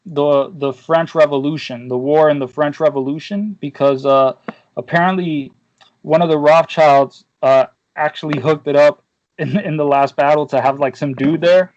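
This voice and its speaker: A man's voice: a little high, fairly even intonation, normal speed, darkish tone, highs cut off. A man hosting a casual podcast chat, telling rambling stories full of slang and swearing. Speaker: podcast host.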